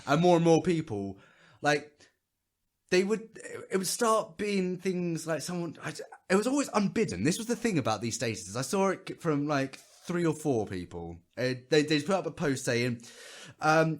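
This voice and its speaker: Animated sweary man ranting. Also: fairly high pitch, moderate pace. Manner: rambling, sweary, mimics others in quoted voices. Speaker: podcast co-host. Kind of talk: casual chat.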